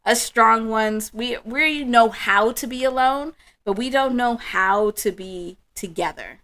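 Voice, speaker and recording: A woman hosting a spiritual livestream, chatting with viewers in an emotional, affirming way. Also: a little high. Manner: warm, emotional, affirming, slow and soft-spoken. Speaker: livestream host.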